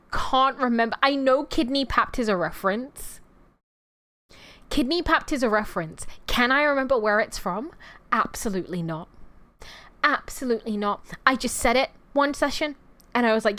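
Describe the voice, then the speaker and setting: A woman's voice: sits high, normal speed, sharp tone, no room sound. Chatty rambling woman streamer. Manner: rambling, chatty, playful asides to chat; addresses viewers as "you guys" and "y'all". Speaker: VTuber streamer. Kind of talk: casual stream chat.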